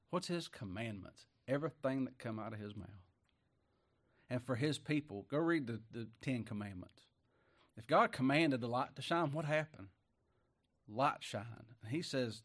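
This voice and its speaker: A man's voice: mid-range voice, expressive, moderate pace, long pauses. Male preacher, folksy delivery with big swings in volume. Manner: folksy, swings between loud exclamations and quiet murmurs. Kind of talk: sermon.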